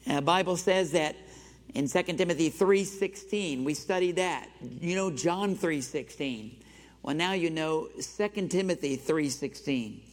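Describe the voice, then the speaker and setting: Male pastor, sermon, exhorting, congregation repeats after him, slightly high voice, long church-hall reverb. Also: unhurried. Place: church sanctuary.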